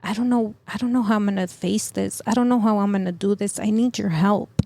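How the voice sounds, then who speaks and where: A middle-aged woman telling of a personal loss as a podcast guest, in a halting, emotional way full of fillers and restarts. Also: medium pitch, steady tone, gravelly, dark tone, a little hiss or hum. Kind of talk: personal testimony in an interview.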